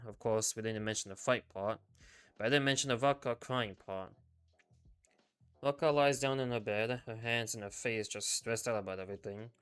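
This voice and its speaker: A male streamer reading a game story aloud in first person, in a subdued, low-key way with casual swearing. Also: a bit bright, clear, resonant tone. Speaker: VTuber streamer.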